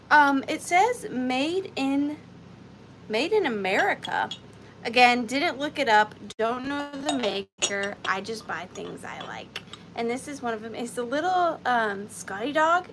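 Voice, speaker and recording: A woman with a high, fairly bright voice hosts a live vintage sale, playfully chatting with viewers by name and counting down bids. There's a little hiss or hum in the audio.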